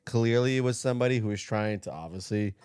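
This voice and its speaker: A man's voice: on the low side, fast, crowd noise. A male co-host talking in a repetitive, reassuring way.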